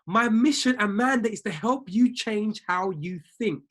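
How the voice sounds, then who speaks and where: A trading coach with a high-pitched, unhurried voice delivers a motivational talk to a group. His style is preacher-like and exhorting: he repeats lines for emphasis and speaks directly to his listeners.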